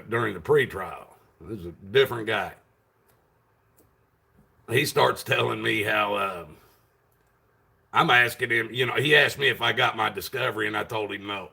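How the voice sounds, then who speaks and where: A man loudly retelling a story to his channel viewers, rambling with many fillers and restarts. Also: on the low side, creaky, breathy edge. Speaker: vlogger. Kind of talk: casual storytelling to camera.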